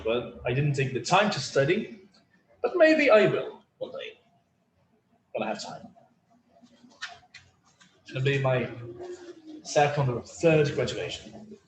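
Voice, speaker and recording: A man's voice: mid-range voice, big pitch swings, a little slow, pauses often. A man teaching an online English lesson, chatty and full of fillers, leading the class through phrases to repeat. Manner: chatty, many fillers, drills phrases for repetition. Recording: roomy echo with faint room noise.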